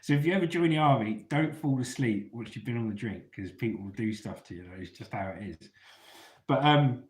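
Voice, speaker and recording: A man telling stories in a casual, chatty way, calling his listeners mate as he goes. His voice sits at an ordinary middle pitch. The room around him rings with echo. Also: lively intonation, brisk, darkish tone. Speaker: ex-soldier live-stream host. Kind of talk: casual live-chat storytelling.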